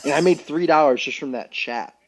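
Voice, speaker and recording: A man's voice: a little high, a little fast, poor audio. A young man, a podcast guest, telling stories in casual chat, rambling and self-amused with lots of fillers and restarts.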